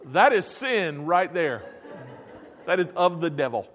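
A man's voice: a little high, big pitch swings, unhurried, a bit bright. A man preaching a humorous sermon, telling stories with playful asides and acting out the quotes. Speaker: pastor. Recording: reverberant hall recording.

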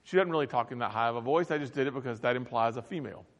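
A man's voice: medium pitch, very fast. A man preaching a humorous sermon, telling stories with playful asides and acting out the quotes. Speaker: pastor. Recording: reverberant hall recording.

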